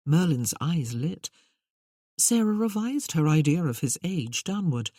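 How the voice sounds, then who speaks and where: An audiobook narrator reading a period romance novel in an even, measured way. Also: medium pitch, no echo, clean studio sound.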